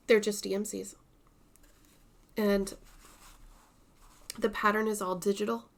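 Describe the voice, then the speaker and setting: Speaking in a mid-range, creaky voice, this female vlogger shows off her stitching work. The chat is relaxed and unhurried, sprinkled with quiet asides.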